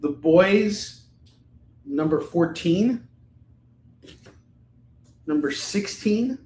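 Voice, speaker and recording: A man with a high voice hosts a casual live sale, calling out prices and rambling between jokes and swearing. The indoor room has a noticeable echo. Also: lively intonation, drawn-out words, darkish tone, slight background noise. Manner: joking, profane, rambling. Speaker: live shopping show host. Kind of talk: casual live-stream sales chat. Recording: roomy echo.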